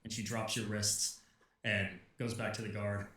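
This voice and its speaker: A man narrating as game master of a tabletop game in a wry, relaxed way. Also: on the low side, normal speed, echoey room.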